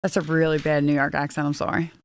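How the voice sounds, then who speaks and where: A man from the Northeast US throws snarky quips into a political talk show. His voice sits a little high, and the recording is close and dry. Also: little pitch movement, fast talker, clear, resonant tone, no echo. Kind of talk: casual political chat.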